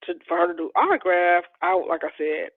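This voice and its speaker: A middle-aged woman from Chicago, an interior designer telling stories in a casual interview, animated and acting out the dialogue she quotes. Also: lowish voice, a little fast, no room sound. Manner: animated storyteller, acts out quoted dialogue, laughs often. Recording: tinny dry phone-like line.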